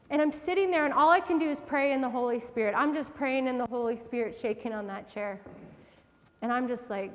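A woman's voice: on the high side, a little fast, big-room sound. A woman telling a personal story in a sermon, acting out her own reactions with lots of feeling. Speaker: Christian speaker.

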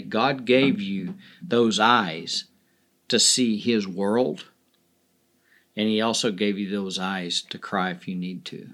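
A man's voice: mid-range voice, bright, forceful tone. A man hosting a motivational podcast in a folksy, blunt way, swearing casually and repeating phrases for emphasis. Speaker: podcast host.

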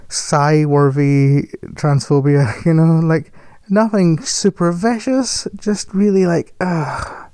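Dark-toned chatty voice. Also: medium pitch, no echo. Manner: rambling, self-correcting, laughs often. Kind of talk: casual film review chat.

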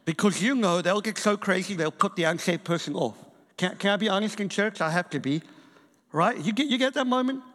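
A man's voice: sits high, a little fast. A man preaching a sermon in a church, telling a story and acting out the people in it. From England and South Africa. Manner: animated storytelling preacher, acts out quotes. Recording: church hall reverb.

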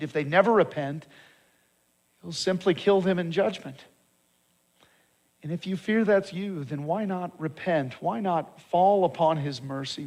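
Man preaching with rhetorical questions. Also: fairly high pitch. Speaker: pastor. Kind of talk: sermon.

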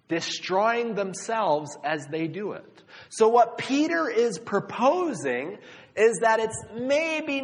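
A man preaching a sermon, talking emphatically and speaking directly to the congregation. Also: sits high. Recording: long reverb of a large hall.

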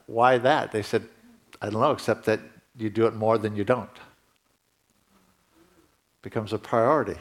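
A man preaching a sermon to his congregation in a conversational way, rising in pitch and emphasis at key points. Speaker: pastor.

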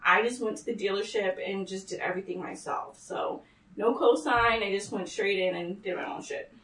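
A woman's voice: mid-range voice, fairly even intonation, moderate pace, fairly bright tone. A woman in casual conversation, telling a story bluntly and quoting people in a raised voice. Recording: echoey, from off the mic.

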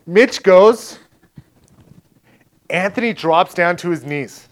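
Give me a man with a slightly high voice casually telling a faith testimony, acting out the back-and-forth. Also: animated. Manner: chatty, peppered with "like" and "right?"; acts out others' lines in quick back-and-forth. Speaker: speaker giving a personal faith testimony. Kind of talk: casual spoken storytelling.

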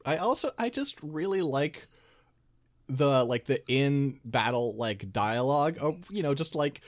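A speaker in a casual chat about video games, giggly, who jumps into high squeaky impressions. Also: lively intonation, a little slow.

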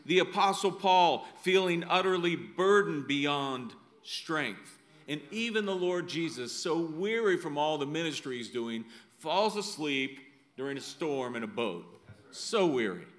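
A man's voice: on the high side, lively intonation, unhurried, a bit bright. A middle-aged male pastor preaching a sermon in a conversational way, often adding "right?" asides.

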